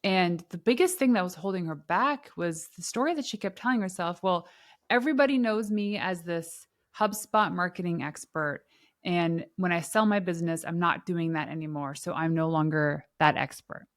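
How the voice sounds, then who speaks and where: A woman hosting a podcast interview in a casual, animated way, laughing easily and using lots of fillers. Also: fairly low pitch, normal speed, no echo, clean studio sound. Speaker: podcast host.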